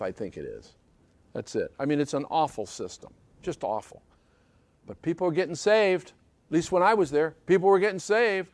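A male preacher from the British Isles delivers an emphatic sermon, his pitch swinging widely as he repeats phrases and keeps checking in with his listeners. His voice is a touch high for a man, with a darkish tone. The recording is dry and close, without room echo.

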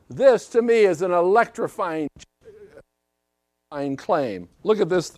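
An emphatic male preacher whose pitch swings widely as he leans on repeated phrases and keeps checking in with his listeners. His voice sits a touch high for a man. The recording is dry and close, with no room echo. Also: expressive, a little slow, pauses often, a little mellow. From British Isles. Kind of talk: sermon.

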